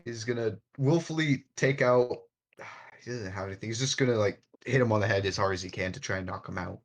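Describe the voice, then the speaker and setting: A man's voice: on the low side, brisk. A man playing a tabletop game, talking casually and stammering hesitantly. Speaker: player.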